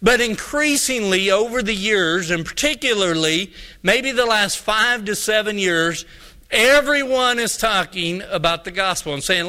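A man's voice: high-pitched, moderate pace, pushed and bright. A man preaching a sermon, a pastor from Colorado who tells a folksy story and acts out both sides of the dialogue.

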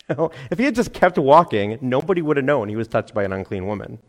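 A middle-aged man preaching a sermon, animated, acting out crowd voices and laughing at himself. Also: medium pitch, fast talker. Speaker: pastor.

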